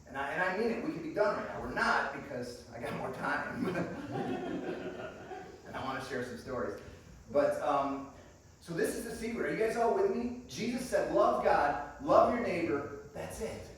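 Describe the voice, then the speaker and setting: A man's voice: medium pitch, a little hiss or hum. A man preaching to a congregation, enthusiastic and chatty, calling them friends and laughing often. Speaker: guest preacher. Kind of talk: sermon. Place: church sanctuary. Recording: echoey room picked up from a distance.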